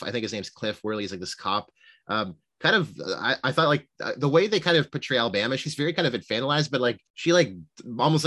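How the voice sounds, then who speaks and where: Male podcast co-host, lowish voice, rapid rambling chat, dry close mic. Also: sharp tone, no room sound. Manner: rambling, lots of fillers and retold movie lines. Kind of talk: casual film discussion.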